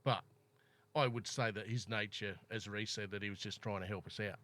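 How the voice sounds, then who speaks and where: A man's voice: on the low side, steady tone, fairly quick, pushed and bright. An Australian man telling a travel story in casual chat, rambling and swearing freely as he acts out quotes. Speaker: podcast guest.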